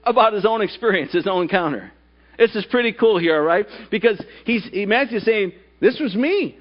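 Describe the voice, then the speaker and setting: A man's voice: high-pitched, fairly quick, highs cut off. A male pastor preaching a sermon at a church service, putting rhetorical questions to the congregation.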